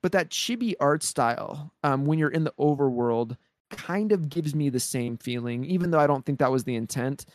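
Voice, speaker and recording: A man co-hosting a podcast, talking excitedly in casual chat and rambling with many restarts and repeated words. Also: on the high side, moderate pace. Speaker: podcast co-host.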